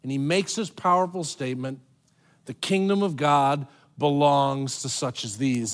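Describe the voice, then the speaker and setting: This medium-pitched pastor speaks animatedly and conversationally during a sermon. He punctuates it with dramatic pauses and voices for the people he quotes.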